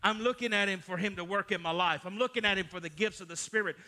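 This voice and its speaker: A middle-aged pastor, preaching a sermon, moving from loud emphatic lines to hushed storytelling. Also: male voice, high voice, fast talker.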